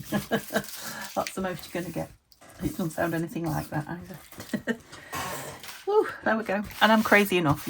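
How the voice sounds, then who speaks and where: Woman, from the UK, craft vlogger, low gravelly voice, chatty self-talk, faint noise behind. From United Kingdom. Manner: chatty, self-talking, searching for words. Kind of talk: casual chat while crafting. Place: home craft room at a desk.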